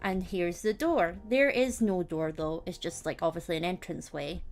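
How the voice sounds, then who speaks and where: A woman's voice: lowish voice, normal speed. Chatty giggly woman streamer. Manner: chatty storytelling, giggly, acts out her cats. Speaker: VTuber streamer. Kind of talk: casual stream chat.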